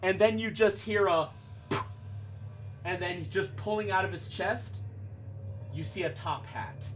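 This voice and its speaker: A man narrating as game master for a tabletop game, describing scenes slowly and correcting himself now and then. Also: high voice, background noise. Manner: slow, descriptive, with small self-corrections.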